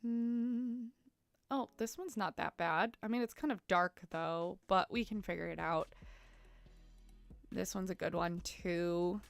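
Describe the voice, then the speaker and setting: A woman's voice: medium pitch, slow, vocal fry, no echo, faint music behind. A Canadian woman from Ontario chatting casually with viewers on a livestream, full of "like" and "um", giggling and apologizing as she goes. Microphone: desk mic she keeps bumping.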